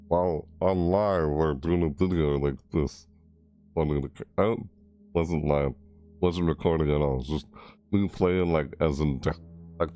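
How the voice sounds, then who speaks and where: A man's voice: sits low, mellow. A man giving casual, rambling gameplay commentary as a gaming YouTuber, amused and full of fillers and laughter.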